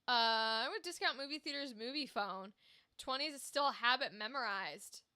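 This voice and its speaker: A woman's voice: on the high side, moderate pace, bright, forceful tone. A young adult woman hosting a game livestream, chatting casually and rambling to her viewers. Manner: chatty and rambling, talks straight to chat. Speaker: livestream gamer and host. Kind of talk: casual stream chat with viewers.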